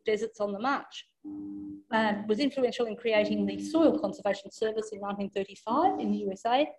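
A woman with an Australian English accent giving a formal academic lecture, reading in a measured way and now and then correcting herself. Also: fairly high pitch, background noise.

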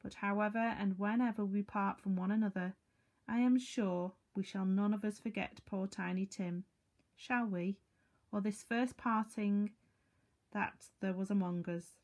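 A woman voicing a gentle, grieving poor father, reading him in an earnest, tender way. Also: medium pitch, steady tone, unhurried, lightly acted.

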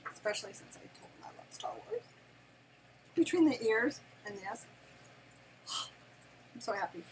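An older woman and grandmother chatting casually through an unboxing, gushing and excitable, laughing often and squealing with delight at home. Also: mid-range voice, background noise. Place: home, near her desk.

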